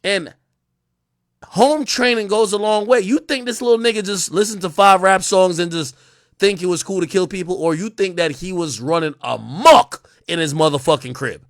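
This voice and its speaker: A young man ranting on a livestream, animated and profane, with frequent restarts. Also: high voice, normal speed, no room sound, clean studio sound. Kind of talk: casual livestream rant.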